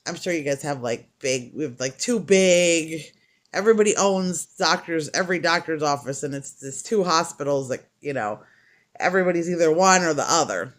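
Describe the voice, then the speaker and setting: A woman's voice: sits low, expressive, moderate pace. A middle-aged woman vlogging while she crochets, telling a long story in a rambling, chatty way and laughing often. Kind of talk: casual storytelling chat.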